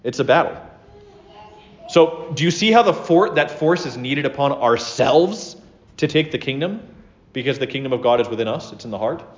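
A man's voice: medium pitch, lively intonation, moderate pace. A man giving an earnest, conversational religious teaching talk to a class, with asides and self-corrections. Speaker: teacher of a class on spiritual life. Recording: roomy, dull lo-fi room recording.

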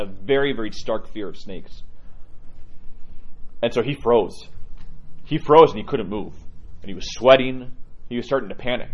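A male priest telling stories to his congregation in an informal sermon, lively and often restarting his sentences. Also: mid-range voice, lo-fi sound. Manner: lively storyteller with frequent restarts. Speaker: Orthodox priest.

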